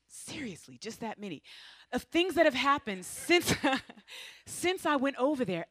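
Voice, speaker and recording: A woman with a slightly high voice tells a missionary testimony to a congregation in a lively, storytelling way, dropping playful, joking asides as she goes. Her voice sounds dry and close, with hardly any room behind it. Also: no room sound. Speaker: missionary speaker.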